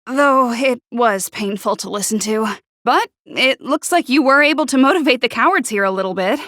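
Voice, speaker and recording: A woman voicing a gloomy, sharp-tongued teenage schoolgirl for a video game, with a nervous stutter and snide, sarcastic put-downs. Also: on the high side, expressive, normal speed, no room sound, clean studio sound. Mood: sneering. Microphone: close studio mic.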